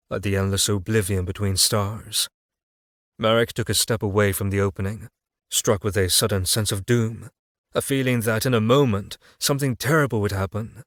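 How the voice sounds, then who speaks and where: A man narrating a dark fantasy audiobook in a measured, dramatic reading. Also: lowish voice, no echo, clean studio sound.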